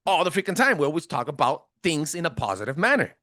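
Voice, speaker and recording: A man with a self-described thick accent, hosting a podcast and giving a casual presentation in an emphatic, animated way. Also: fast talker, dry recording, studio quality. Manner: animated, emphatic, swinging pitch. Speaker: podcast host.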